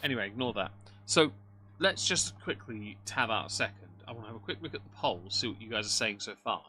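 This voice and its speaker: A man's voice: on the low side, expressive, fairly quick, bright, forceful tone, slight background noise. A man giving live reaction commentary on a stream, making dry, mocking remarks while greeting his chat. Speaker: livestream commentator.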